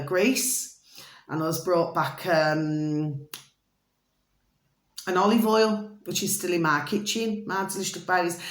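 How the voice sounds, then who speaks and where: A woman vlogger in a rambling, casual monologue, meandering with fillers and restarts and fondly calling her viewers her little babies. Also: low-pitched. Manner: keeps calling viewers "my delicious little babies", asks "do you see?". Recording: echoey room.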